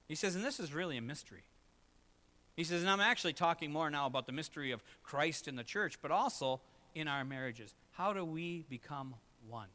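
A middle-aged man preaching a sermon as pastor, moving between loud emphatic lines and low, quiet asides. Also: animated, fairly quick.

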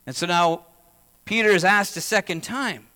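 Male pastor, high and tense-toned, conversational sermon delivery in a long-reverb sanctuary. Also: normal speed, sharp tone. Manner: conversational, asks the congregation questions.

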